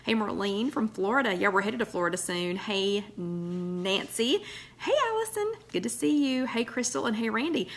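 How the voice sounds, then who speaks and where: A woman's voice: medium pitch, normal speed, few pauses. Chatty woman greeting viewers. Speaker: host of a live weight-loss chat. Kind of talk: casual live-stream chat. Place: loft at home.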